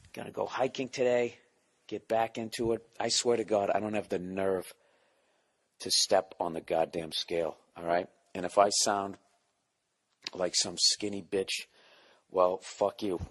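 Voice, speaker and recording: A low-voiced man hosting a solo podcast from home. He rambles in a loose, profane, self-mocking way and keeps his voice down. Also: steady tone, measured pace, a bit bright. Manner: keeping voice down. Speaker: podcast host and comedian. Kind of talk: casual solo podcast monologue. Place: home, at night or early morning.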